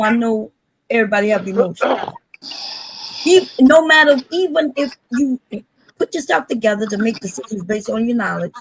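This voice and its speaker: A woman co-hosting a casual live-stream debate, giving quick, lively rebuttals. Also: fairly high pitch, gravelly, breathy edge, no echo, poor audio.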